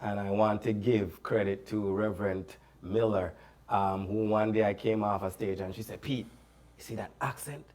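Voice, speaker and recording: A man's voice: lowish voice, little pitch movement, normal speed, darkish tone. A man with a Caribbean accent, a public speaker, talking casually on a panel and affirming others often. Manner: agreeable, frequent affirmations.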